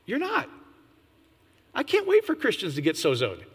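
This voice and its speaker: A man preaching an informal sermon, animated, often jumping to a high, excited pitch and asking his listeners questions. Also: fast, breathy edge, in a large hall. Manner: animated, jumps to high excited pitch, laughs, asks the audience.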